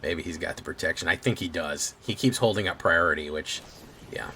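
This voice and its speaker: A man streaming a card game, casually muttering his plays aloud with quick exclamations. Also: low-pitched, vocal fry, bright, forceful tone, a little hiss or hum. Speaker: gaming streamer. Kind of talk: casual gameplay commentary.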